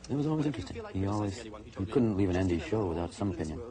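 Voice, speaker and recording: Very fast, low-voiced male storyteller. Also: a crowd in the background. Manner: rapid, animated storytelling that bursts into shouted quotes. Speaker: interviewee recalling a friend. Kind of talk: documentary interview.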